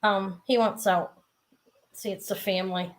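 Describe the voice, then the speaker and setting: A woman's voice: medium pitch, fairly even intonation, measured pace. A middle-aged woman chatting casually as she sells jewelry in a live-stream auction, rambling with asides.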